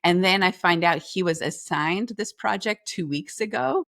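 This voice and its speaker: Lively storytelling woman, lowish voice. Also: normal speed, no echo, studio quality. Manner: lively storyteller who acts out the dialogue; talks through restarts and filler phrases. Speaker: podcast guest, leadership coach. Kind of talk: personal anecdote in an interview.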